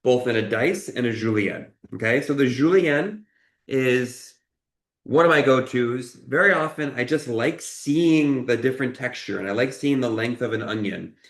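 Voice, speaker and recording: A man's voice: mid-range voice, moderate pace, reverberant. A man chef teaching a cooking lesson, talking through each cut in an encouraging way and often checking in with "okay?". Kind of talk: cooking demonstration. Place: kitchen.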